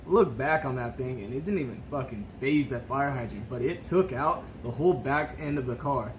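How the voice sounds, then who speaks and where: A man's voice: mid-range voice, normal speed, background noise. A man co-hosting a podcast, telling a drinking story in casual chat, swearing freely and laughing as he goes. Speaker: podcast co-host.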